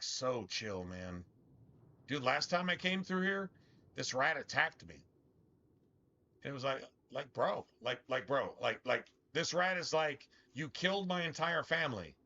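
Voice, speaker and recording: Bright-voiced rambling gamer man. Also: mid-range voice, lively intonation, measured pace, lo-fi sound. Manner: rambling, profane, slangy. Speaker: gaming streamer. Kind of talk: casual gameplay commentary.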